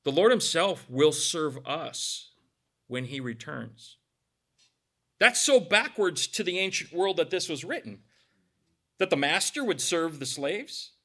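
A middle-aged male pastor delivering a sermon in a loose, conversational way, dropping casual asides between readings. His voice sits a little high and sounds bright and forward. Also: expressive, slow pace.

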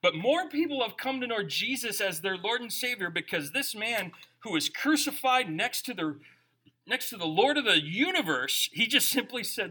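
A man preaching a sermon as pastor, conversational and animated, asking his listeners questions. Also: high voice, normal speed, breathy edge.

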